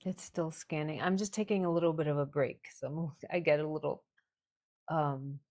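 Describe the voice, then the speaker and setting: A woman's voice: deep voice, steady tone, normal speed, darkish tone. A woman hosting a live wellness stream, chatting with callers in a friendly, reassuring way. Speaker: livestream host. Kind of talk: casual live stream chat.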